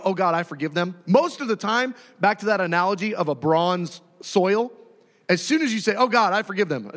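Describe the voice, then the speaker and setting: A man preaching a sermon, animated and dramatic, often acting out voices and shouting. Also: sits high, long reverb tail.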